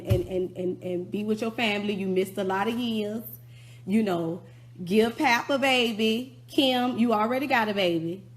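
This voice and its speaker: A woman's voice: medium pitch, a little hiss or hum. A middle-aged woman rapper giving a blunt, profane, scolding rant of a song review. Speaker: rapper turned commentator.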